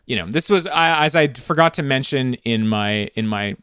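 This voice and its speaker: A man's voice: mid-range voice, animated, unhurried, a bit bright, clean tone, dry recording, clean studio sound. A man from Canada hosting a casual trivia board game, reading questions with a playful, joking manner. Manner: playful, joking, laughs often.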